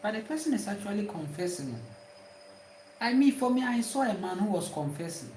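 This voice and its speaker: A woman's voice: mid-range voice, sing-song, fairly quick, darkish tone, slight background noise. A woman with a Ghanaian accent giving a casual spiritual talk, emphatic, often repeating and restarting her words. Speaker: spiritual teacher. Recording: roomy echo.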